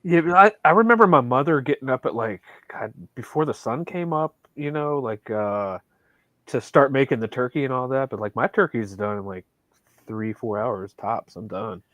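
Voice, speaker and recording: A man's voice: mid-range voice, expressive, normal speed, a bit bright, dry recording, lo-fi sound. A man chatting as a guest on a casual livestream, easygoing and agreeable. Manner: laid-back, easygoing, agreeable.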